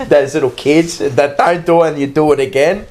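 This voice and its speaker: A man's voice: on the high side, steady tone, normal speed, darkish tone. An Australian man co-hosting a podcast, bantering bluntly with swearing in casual chat. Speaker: podcast co-host.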